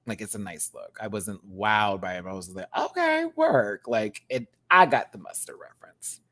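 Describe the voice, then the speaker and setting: A man in his thirties, a drag queen, giving a sassy, animated casual review and laughing often while answering viewers. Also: on the low side, brisk. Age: 30s. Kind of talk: casual chatty episode review.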